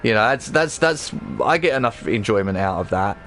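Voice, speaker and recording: A man streaming himself playing a game, chatting casually to viewers with rambling, excitable talk and frequent swearing. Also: on the low side, moderate pace, soft background music. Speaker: livestreamer. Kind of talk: casual gameplay livestream chat.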